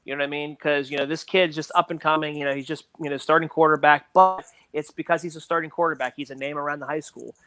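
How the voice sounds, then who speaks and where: Male podcast guest, slightly high voice, dry close sound, rambling chat. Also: steady tone, fast, few pauses, bright, forceful tone, clean tone, dry recording. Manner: rambling, full of "you know" fillers. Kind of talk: casual movie discussion.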